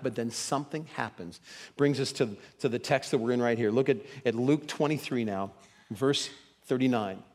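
A man preaching a sermon as pastor, acting out quoted voices with big pitch swings. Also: in a large hall.

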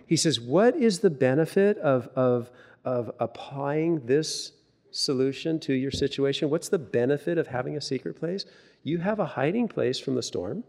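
A man preaching a sermon in a conversational, animated way, often restarting his sentences as he tells a personal story. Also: medium pitch, vocal fry. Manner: conversational and animated, many restarts and filler words. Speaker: pastor.

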